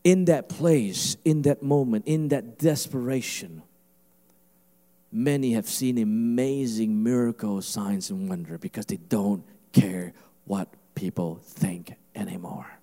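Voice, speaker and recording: A male pastor preaching a sermon, animated and emphatic, with a conversational delivery. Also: on the low side, takes it slowly, long reverb tail. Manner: animated, rising to emphatic preaching with mimicked asides.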